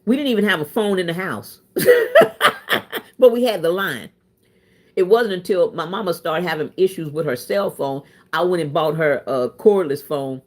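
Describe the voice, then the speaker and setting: A woman's voice: on the low side, moderate pace. A woman, chatting casually and animatedly as a vlogger telling personal stories. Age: 30s. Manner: animated, emphatic, swings into quoted voices. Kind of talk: casual storytelling chat.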